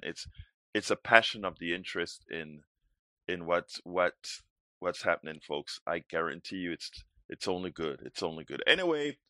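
A man's voice: deep voice, bright, forceful tone, dry recording. A man hosting a call-in political talk show, speaking emphatically and at length. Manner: emphatic, preachy, wordy. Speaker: host.

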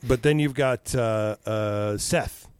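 A man chatting casually, telling animated stories, swearing freely and acting out what people said. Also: on the low side, slow pace, clean tone, dry recording. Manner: animated storyteller, swears freely, acts out quotes. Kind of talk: casual chat.

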